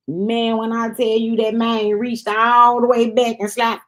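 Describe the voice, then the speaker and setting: Slow-talking woman recapping a TV episode. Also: fairly high pitch, fairly even intonation. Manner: chatty, addresses viewers as "y'all". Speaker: show review host.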